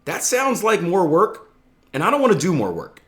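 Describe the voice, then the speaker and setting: A man mimicking a hesitant trader who pushes back against doing more work, in a higher, slightly whiny tone. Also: wildly swooping pitch, normal speed, fairly bright tone, exaggerated voice. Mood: reluctant. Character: reluctant male trader balking at extra work.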